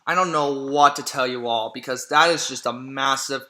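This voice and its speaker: A man's voice: mid-range voice, normal speed, sharp tone. A man giving a casual movie recap, rambling and full of fillers and restarts. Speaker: movie reviewer. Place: room at home. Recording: roomy echo.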